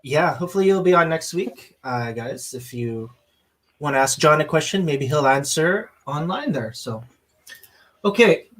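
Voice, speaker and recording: A man hosting a casual podcast, telling an animated story with many fillers and restarts. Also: fairly high pitch, moderate pace. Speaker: podcast host. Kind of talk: casual chat.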